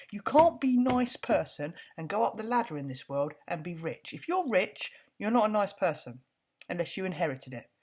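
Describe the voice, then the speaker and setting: A woman's voice: mid-range voice, a little mellow, slightly rough. A woman vlogging an indignant, swearing rant to camera, repeating words for emphasis.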